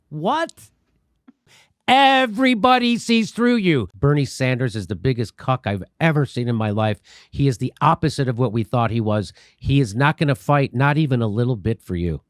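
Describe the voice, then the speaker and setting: A man's voice: fairly high pitch, no echo, clean studio sound. A man hosting a political comedy commentary show, ranting with heavy profanity and laughing often. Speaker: show host.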